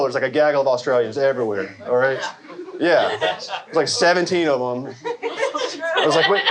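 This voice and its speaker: A man from Arkansas doing an animated stand-up set, working the crowd and putting on quoted voices. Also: on the high side. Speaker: stand-up comedian. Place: comedy club stage before a laughing crowd. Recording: loud audience noise behind.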